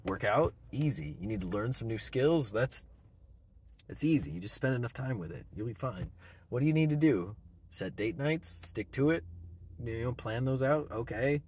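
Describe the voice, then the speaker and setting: Guy in his 30s talking himself through a rough patch, calm and reassuring, little laughs, mid voice. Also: mid-range voice, normal speed, slight background noise. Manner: reflective, self-reassuring, chuckles often. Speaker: vlogger. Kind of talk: personal self-pep talk.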